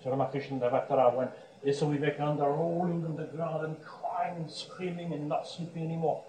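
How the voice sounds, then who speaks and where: A man with a somewhat high voice preaches as a monk, telling anecdotes and breaking into chuckles. He sounds set back from the microphone in an echoey room, with a faint hum behind him. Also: steady tone, brisk, dark tone. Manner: storytelling with frequent chuckles and restarts. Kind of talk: sermon. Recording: roomy echo, distant mic, faint background hum.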